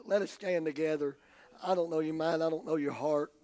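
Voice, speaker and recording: An older man with a Southern US accent preaching a sermon, telling folksy stories and swinging from hushed tones to shouting. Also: high-pitched, fairly quick. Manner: folksy storytelling.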